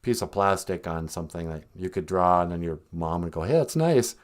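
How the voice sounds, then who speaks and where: A man's voice: low-pitched, level tone, fairly quick. A man hosting a casual live-stream podcast, telling jokey stories and laughing often. He is outdoors on a back porch. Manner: joking storyteller, laughs often. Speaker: podcast host.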